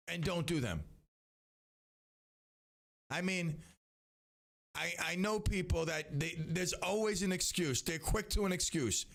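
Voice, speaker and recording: Gravelly middle-aged man rambling on a stream. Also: on the high side. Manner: rambling, animated, self-interrupting with restarts. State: voice slightly rough from yelling. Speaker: live stream host and youth sports coach. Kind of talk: casual solo live stream chat.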